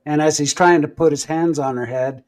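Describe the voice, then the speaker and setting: A man's voice: a little high, steady tone, normal speed, darkish tone. A man retelling a personal story in casual live-stream chat, vivid and full of restarts. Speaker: podcast host. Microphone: home live-stream mic.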